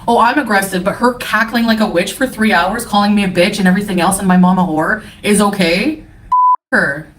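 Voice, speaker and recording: Streaming woman from Canada, mid-pitched, profane and scornful, on the defensive. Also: fairly quick, fairly bright tone. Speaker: livestreamer. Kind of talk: angry livestream rant.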